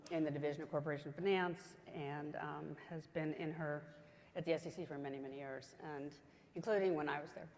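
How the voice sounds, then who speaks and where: A woman in her sixties with a faint Southern accent, moderating a conference panel in a chatty way with many fillers and restarts. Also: sits low. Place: large conference hall. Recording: hall reverb, faint background noise.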